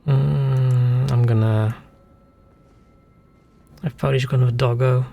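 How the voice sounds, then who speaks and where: Gravelly man streaming games. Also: mid-range voice, fairly even intonation, takes it slowly, highs cut off. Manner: musing, chatty, wanders off on tangents. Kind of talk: casual gameplay commentary.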